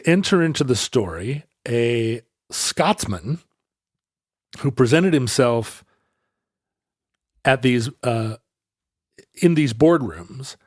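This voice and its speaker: A man's voice: medium pitch, darkish tone, no room sound, clean studio sound. A man co-hosting a podcast, telling a history story in casual chat, rambling and correcting himself, laughing easily.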